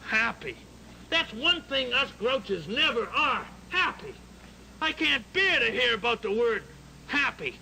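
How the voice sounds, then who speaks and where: A man's voice: extremely high pitch, very animated, measured pace, bright, forceful tone, a little hiss or hum, exaggerated voice, rough recording. A man voicing a grumpy male grouch puppet who grumbles that he hates happy things. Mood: grumbling. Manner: gruff, grumbling, sour. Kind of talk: puppet show monologue.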